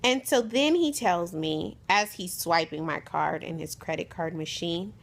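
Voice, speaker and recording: A woman's voice: on the low side, measured pace, vocal fry. A young woman vlogger telling a frustrated story in a casual, exasperated way, acting out the other people's lines as she goes. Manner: exasperated, animated, retells exchanges in quoted voices.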